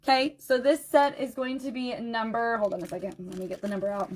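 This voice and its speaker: A woman with a fairly high voice runs a live-stream jewelry sale, chatty and friendly with her viewers. She sounds tired and low on energy, greeting people by name and repeating item numbers again and again. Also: steady tone, brisk, a little hiss or hum. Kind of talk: live-stream sales chat.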